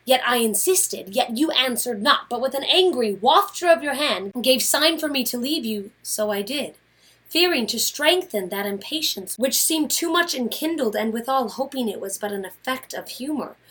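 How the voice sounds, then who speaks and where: A woman voicing Portia, a proud, sharp-tongued Roman noblewoman and wife of Brutus, speaking with indignation. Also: on the high side, slightly rough. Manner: indignant, speaks of herself from the afterlife.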